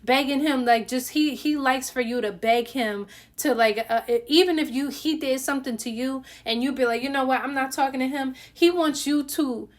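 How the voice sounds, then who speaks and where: A woman's voice: high voice, normal speed, few pauses. Chatty young woman telling a storytime. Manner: chatty, talks straight to the viewers with lots of fillers. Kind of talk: casual storytime.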